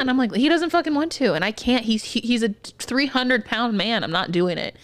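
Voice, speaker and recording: A woman's voice: expressive, a little fast, few pauses, a bit bright, dry recording. A woman co-hosting a casual podcast, venting bluntly about work with frequent swearing. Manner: blunt and profane, mostly low-key, venting. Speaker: podcast co-host; hospital clinician. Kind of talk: casual chat.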